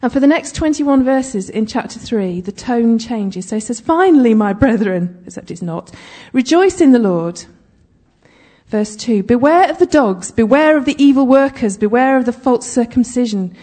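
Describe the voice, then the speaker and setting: A woman's voice: a little high, lively intonation, normal speed, dark tone. A woman giving conversational Bible teaching, chatty, with humorous asides and frequent check-ins with her listeners.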